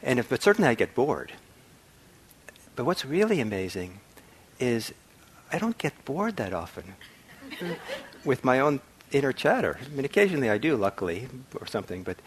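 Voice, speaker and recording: A middle-aged man giving a meditation talk, reflective and soft-spoken, pausing often with ums and restarts. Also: medium pitch, sing-song, a little hiss or hum. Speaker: meditation teacher. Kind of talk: dharma talk. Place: meditation hall.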